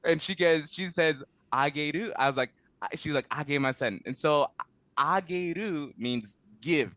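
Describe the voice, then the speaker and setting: A man being interviewed in a casual conversation, relaxed and quick to laugh, with many fillers and restarts. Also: a little high, no room sound. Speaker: interview guest, translation company head.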